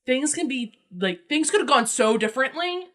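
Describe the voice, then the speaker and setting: A woman's voice: sits high, animated, normal speed, a bit bright. A woman guest on a casual podcast chat, rambling with many fillers. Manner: rambling, filler-heavy, laughs a lot.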